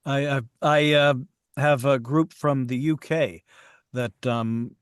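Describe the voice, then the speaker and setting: A man's voice: medium pitch, fairly even intonation, slow, smooth, no echo, studio quality. An American man, a voice-over artist guest, telling a story with hesitant, stammering starts. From United States. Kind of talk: casual podcast chat.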